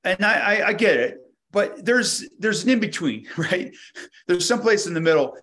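A man's voice: high voice, lively intonation, normal speed, a bit bright. A man being interviewed as a guest, talking reflectively and telling stories with frequent restarts. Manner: reflective storyteller, many restarts. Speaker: guest, inventor. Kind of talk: casual interview conversation.

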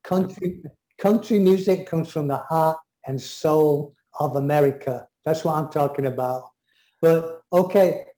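An English man co-hosting a casual chat, rambling and enthusiastic, often leaving sentences unfinished. His voice sits a little high but sounds mellow and dark. The room around him is noticeably echoey. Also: a little slow. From England. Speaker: co-host.

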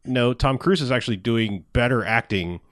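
A man in loose podcast banter who rambles through his points with plenty of fillers and some swearing. His voice sits at a middle pitch and sounds dry and close to the mic, with no room around it. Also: moderate pace, a bit bright, dry recording. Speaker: podcast co-host. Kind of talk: casual chat.

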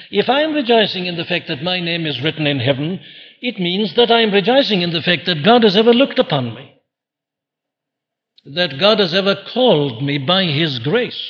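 A man's voice: sits high, a bit bright, in a large hall, muffled recording. A man preaching a sermon earnestly, posing questions and answering them himself. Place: church.

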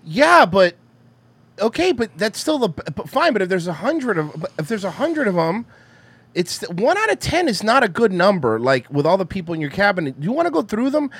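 A man's voice: high voice, sing-song, husky, no room sound. A man hosting a podcast, ranting in casual, profane political banter. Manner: profane, fast rants. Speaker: podcast host.

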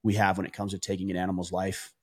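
A man, a podcast guest, telling stories in a casual conversational way, animated, with frequent restarts and fillers. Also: sits low, fast, breathy edge.

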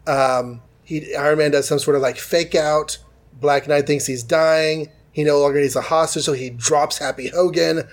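Podcast host, male, higher voice, loose and chatty comic recap with quick character voices. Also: steady tone. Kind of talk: casual comic book recap.

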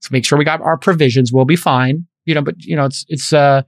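A man's voice: fairly high pitch, fairly even intonation, a little fast, no echo, studio quality. A man in his fifties, an investor hosting a podcast, talking in a casual, emphatic and preachy way. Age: 50s. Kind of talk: casual chat.

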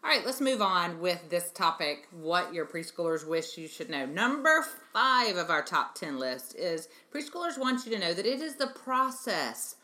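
Bright, emphatic woman hosting a parenting talk. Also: fairly low pitch, big pitch swings, moderate pace, hardly any pauses. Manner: earnest, emphatic, addresses listeners as "you guys". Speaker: parenting show host and preschool educator. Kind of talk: radio-style parenting talk monologue.

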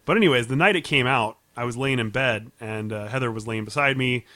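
Chatty man, bright dry voice. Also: mid-range voice, brisk, no echo. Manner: chatty storyteller, laughs often. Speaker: podcast co-host. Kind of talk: casual chat.

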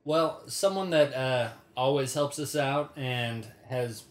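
A man's voice: medium pitch, slow. A man co-hosting a casual chat with an ordinary mid-range voice. He tells stories in an easygoing, self-mocking way. The room gives his voice an echo. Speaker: podcast co-host. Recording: echoey room.

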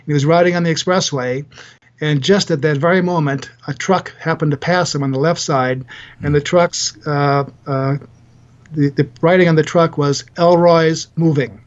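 A man's voice: a little high, fairly even intonation, normal speed, lo-fi sound. A man in his sixties, a doctor and author, telling earnest stories in a podcast interview with frequent repeated words. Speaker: guest, physician and author.

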